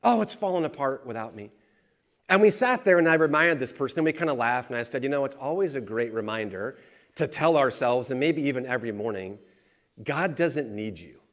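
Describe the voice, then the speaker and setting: A man preaching a sermon, swinging from quiet, low emphasis to rising, animated exclamation. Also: brisk. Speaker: pastor.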